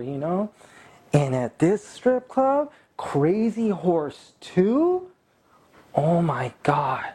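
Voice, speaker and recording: A man from California telling a casual anecdote in a boastful, profane, animated way. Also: a little high. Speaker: storyteller.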